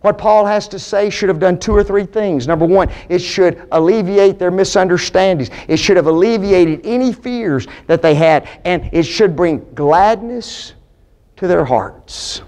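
A man preaching a sermon to a church audience. He speaks emphatically, swings from high, ringing peaks down to low, quiet lines, and keeps asking the audience rhetorical questions. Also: unhurried. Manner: emphatic, rising to high-pitched peaks then dropping low.

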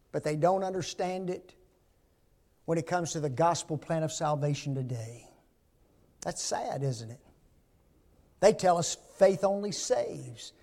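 A man's voice: high voice, darkish tone. A man in his sixties preaching a sermon, emphatic and full of rhetorical questions to his congregation.

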